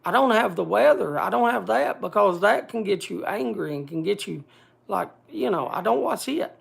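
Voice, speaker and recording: A man speaking bluntly to a group in casual talk, halting often and restarting his sentences. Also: high voice, animated, gravelly, breathy edge. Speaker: speaker addressing a group gathering.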